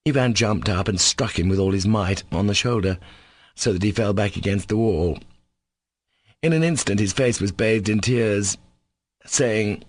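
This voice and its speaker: Low husky-voiced male narrator. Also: moderate pace, no room sound. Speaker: audiobook narrator. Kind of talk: scripted narration of a classic novel.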